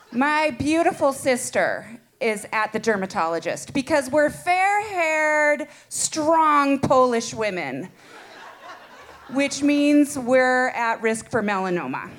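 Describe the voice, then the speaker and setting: A woman telling a comic personal story live to an audience, animated and playful, laughing as she goes. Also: high voice, slight background noise.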